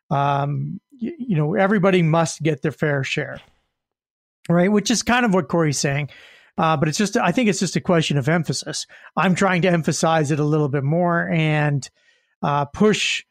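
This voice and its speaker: A man giving his political take in a casual podcast chat, thinking aloud with many pauses and fillers. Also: a little high, no room sound, studio quality. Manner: hesitant, many fillers and restarts. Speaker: political commentator.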